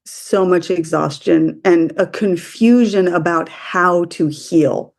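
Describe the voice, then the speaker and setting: A woman from the US speaking as a podcast guest, emotional and halting, often restarting her sentences. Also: lowish voice, gravelly, darkish tone. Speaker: interview guest. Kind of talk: conversational interview.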